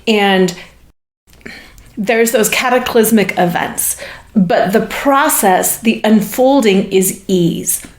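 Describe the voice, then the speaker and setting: A woman hosting a session in which she relays channeled spirit messages, speaking in a halting, searching way and laughing often. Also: mid-range voice. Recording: echoey room.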